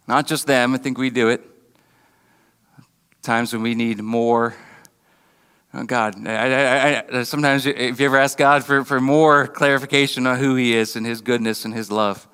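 A man preaching a sermon, earnest and halting, often restarting his words and briefly acting out mocking voices. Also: medium pitch, bright, forceful tone, clean tone, long reverb tail. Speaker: pastor. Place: church building.

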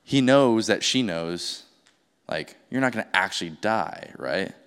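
A man's voice: lowish voice, animated, a little slow, fairly bright tone, smooth. Conversational male pastor in a reverberant hall. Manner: conversational, asks rhetorical questions. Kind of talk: sermon.

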